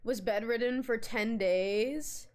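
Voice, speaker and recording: High-voiced, animated young woman streamer. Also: slow pace. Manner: animated, swearing, dramatic storyteller. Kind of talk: casual live-stream chat.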